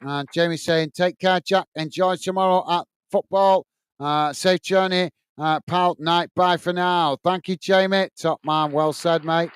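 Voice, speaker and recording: A man's voice: high voice, fairly even intonation, unhurried, smooth, dry recording. A man hosting a football watch-along live stream, reading out viewer comments and giving friendly, repetitive sign-offs with many fillers. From England.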